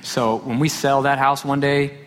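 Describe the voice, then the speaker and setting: A man's voice: medium pitch, measured pace. A man preaches a sermon with a mid-range voice, telling a story and acting out the back-and-forth between people. His voice rings out in a large hall with a long reverb tail. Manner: storytelling, animated retelling with quoted dialogue. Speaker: pastor.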